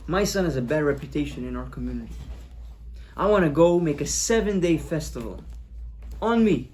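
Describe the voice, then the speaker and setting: A man's voice: a little high, moderate pace, voice pushed down, close to an everyday voice. A man doing an overjoyed rich father. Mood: eager. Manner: excited, repeats exclamations.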